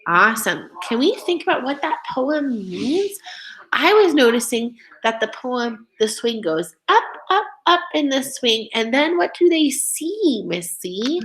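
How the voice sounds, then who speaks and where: A teacher with a high-pitched voice reads poems aloud to young children during a reading lesson. She takes them slowly, in an expressive, sing-song style.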